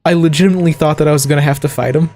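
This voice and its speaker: A man's voice: fairly high pitch, fairly even intonation, racing, mellow. A man from the American South streaming a video game, rambling in a chatty way with frequent laughs and fillers. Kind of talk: casual gameplay chat. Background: faint game music.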